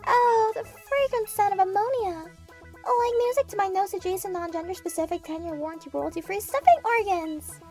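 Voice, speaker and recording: Brief: very high-pitched, cutesy, chaotic anime space-probe girl; comedy audio drama, faint music under. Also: normal speed, darkish tone. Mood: indignant fan. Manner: babyish cutesy talk flipping to blunt swearing.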